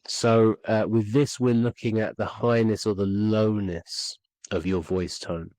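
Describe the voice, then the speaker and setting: Man coaching speaking skills, low and dry. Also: level tone, a little slow, darkish tone, no room sound, low-quality recording. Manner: earnest, repeats points for emphasis. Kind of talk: instructional podcast talk.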